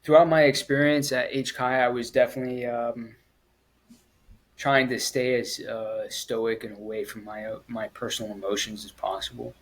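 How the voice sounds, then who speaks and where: Husky-voiced man recounting his experience. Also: medium pitch, little pitch movement, low-quality recording. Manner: halting and earnest, with frequent pauses and restarts. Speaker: guest, former Marine at the Kabul airport evacuation. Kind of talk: personal storytelling in an interview.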